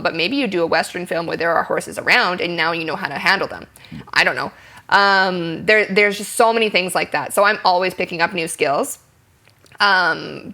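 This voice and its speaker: Bright-voiced woman explaining acting. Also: on the low side. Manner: chatty, explains with acted-out example lines; frequent ums and likes. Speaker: actress, interview guest. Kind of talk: candid interview conversation.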